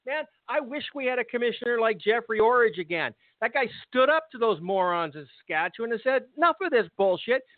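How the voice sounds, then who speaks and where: On a football podcast, a man rants with anger, sarcasm and heavy swearing. His very high voice runs a little fast with few pauses, and the audio is tinny and phone-like with no room sound.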